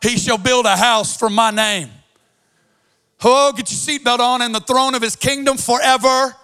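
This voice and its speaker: A man's voice: extremely high pitch, steady tone, normal speed, sharp tone, clear, resonant tone. A man preaching a sermon, reading scripture and expounding it with an impassioned, sing-song cadence.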